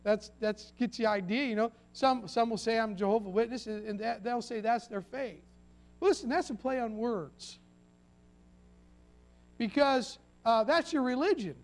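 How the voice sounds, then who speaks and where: A man's voice: very high-pitched, moderate pace, faint music behind. A pastor preaching a sermon in a folksy way, acting out quoted voices and often restarting his sentences.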